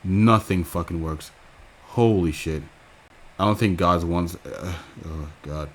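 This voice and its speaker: A man giving profane reaction commentary, crude and incredulous, with loud outbursts. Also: sits low, a little slow.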